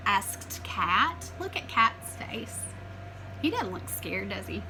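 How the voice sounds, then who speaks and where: A woman teacher reading a picture book aloud to children, animated and asking them questions as she goes. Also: medium pitch, takes it slowly, noisy background. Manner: animated, asks the listeners questions.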